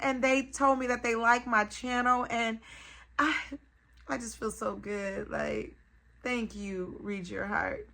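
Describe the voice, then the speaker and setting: Bright-voiced gushing woman vlogger. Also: fairly low pitch. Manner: gushing, chatty, laughs often. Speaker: lifestyle vlogger. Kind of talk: casual unboxing vlog.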